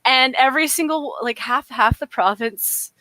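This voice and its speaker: A woman's voice: sits high, moderate pace, pushed and bright, no echo. A woman from northern Alberta with a Canadian accent, co-hosting a casual podcast chat, rambling and often laughing mid-sentence.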